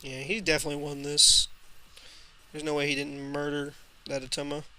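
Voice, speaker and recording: A young man talks through his gameplay on a live stream, in a slightly high, very bright and cutting voice. He mutters, grumbles and curses at the game as he plays. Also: monotone, fairly quick. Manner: frustrated, swearing, talks to himself and chat. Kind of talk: casual live gameplay commentary.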